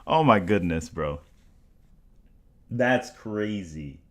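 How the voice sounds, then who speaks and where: Excitable young man streaming, lively pitch. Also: very slow. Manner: excitable, stammering, exclamatory. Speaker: livestreamer. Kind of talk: live stream reaction chat.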